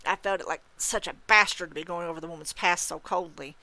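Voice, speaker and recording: A woman hosting a story time, reading a novel aloud in a calm, steady storytelling manner. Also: fairly low pitch, quick pace.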